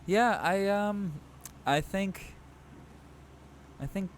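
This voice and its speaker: A man's voice: high-pitched, very slow, a little hiss or hum. A man co-hosting a podcast, chatting casually and thinking aloud with lots of fillers. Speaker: podcast co-host. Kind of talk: casual chat.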